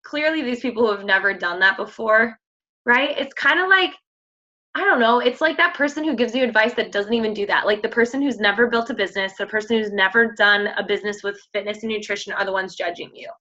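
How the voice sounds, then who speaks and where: A woman's voice: mid-range voice, fast talker, bright, forceful tone, lo-fi sound. A woman coaching her fitness team in an emphatic, slangy pep talk. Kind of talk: motivational team call.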